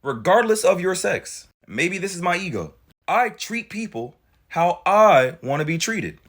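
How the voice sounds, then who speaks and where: A man giving reaction commentary to viewers, animated and full of rhetorical questions. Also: sits high, measured pace. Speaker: commentary creator reacting to clips.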